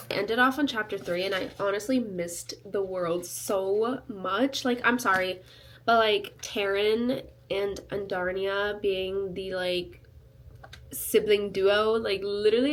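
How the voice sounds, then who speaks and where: A woman in her twenties chatting casually in a reading vlog, excitable and full of fillers. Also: medium pitch, a little slow. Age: 20s. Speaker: reading vlogger.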